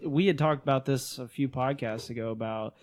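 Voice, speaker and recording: A man's voice: medium pitch, fairly quick. A man co-hosting a podcast, talking in a loose, rambling and profane way with frequent restarts. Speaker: podcast co-host. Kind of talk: casual chat.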